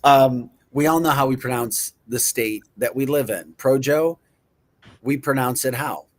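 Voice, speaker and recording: A man's voice: mid-range voice, unhurried. Playful chuckling male show host. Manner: playful, repeats words in mock pronunciations, chuckles often. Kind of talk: casual studio chat.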